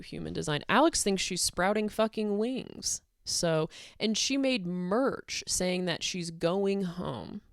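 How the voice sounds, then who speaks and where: A woman's voice: fairly low pitch, gravelly, no room sound, clean studio sound. A woman delivering a heated, sarcastic rant to camera, blunt and swearing often. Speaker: YouTube commentator.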